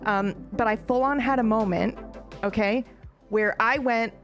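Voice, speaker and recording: A woman's voice: a little high, unhurried, soft background music. A woman streamer chatting casually with her live chat, bubbly and giggly, with frequent laughs and asides.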